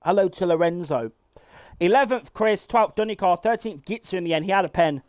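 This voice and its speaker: A man giving live play-by-play commentary on a sim race, excitable and swearing freely as he calls the action. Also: high voice, brisk, no room sound, studio quality.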